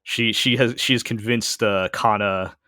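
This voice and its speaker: A man's voice: lowish voice, fairly even intonation, a little slow, bright, forceful tone, no room sound, studio quality. A man co-hosting a podcast in casual chat, hesitant, often restarting his sentences. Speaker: podcast co-host.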